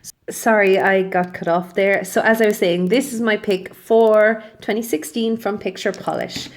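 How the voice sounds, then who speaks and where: A young woman chats casually through a nail polish review vlog, rambling and often correcting herself mid-sentence. Her voice is medium in pitch with a steady tone at normal speed.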